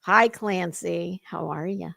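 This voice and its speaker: A woman's voice: fairly low pitch, slow, gravelly, sharp tone, no echo, studio quality. A middle-aged woman hosting a casual political commentary livestream, chatty, blunt and profane as she talks to her chat viewers. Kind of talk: casual live-stream chat.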